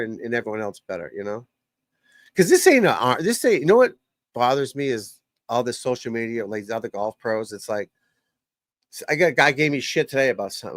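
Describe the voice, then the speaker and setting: A man's voice: mid-range voice, a bit bright, no room sound. An older man, a golf coach, hosting a casual live stream and talking bluntly and profanely, rambling from one thought to the next.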